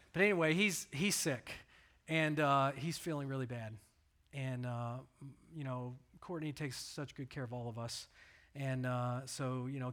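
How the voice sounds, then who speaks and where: A middle-aged pastor giving a conversational sermon, telling stories in an earnest, plain way. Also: male voice, mid-range voice, fairly bright tone.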